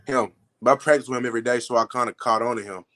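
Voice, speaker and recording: A man's voice: mid-range voice, fairly even intonation, very fast, bright, forceful tone. Polite teenage boy, short answers. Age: teens. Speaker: guest, football recruit. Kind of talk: casual interview.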